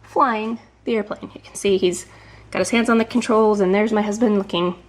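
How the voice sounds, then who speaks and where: A woman's voice: mid-range voice, fairly even intonation, moderate pace. A woman in her thirties, a bit out of breath, casually walking through her scrapbook pages with lots of ums and the odd whispered aside. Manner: chatty, with frequent ums and some whispered asides. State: slightly out of breath. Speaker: scrapbooking vlogger. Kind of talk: casual show-and-tell narration.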